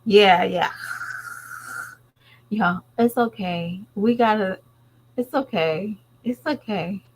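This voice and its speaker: A woman's voice: mid-range voice, slow pace, slightly rough, low-quality recording. A woman vlogger and mother talking straight to her viewers in a blunt, rambling, casual way. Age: adult parent. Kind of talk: casual commentary chat.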